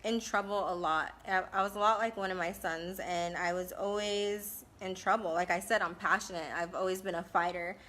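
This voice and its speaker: She's a live-stream host in her thirties, a Californian who laughs often while casually and bluntly responding to viewer questions. Her voice leans low and fairly bright, with fairly even intonation, a moderate pace and few pauses.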